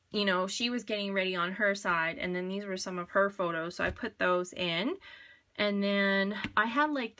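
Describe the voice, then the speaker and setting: A woman talks through her craft pages in a relaxed, chatty way, drifting between asides and small fillers. Her voice is bright and forward, sitting at an everyday middle pitch for a woman. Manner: chatty, rambling, many fillers. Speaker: scrapbooking vlogger. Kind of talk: casual show-and-tell chat.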